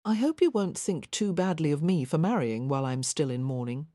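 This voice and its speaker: A reserved young Victorian wife, composed and earnest, voiced by a woman reader. Her tone is low and mellow, recorded close and dry. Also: expressive, a little fast, no echo.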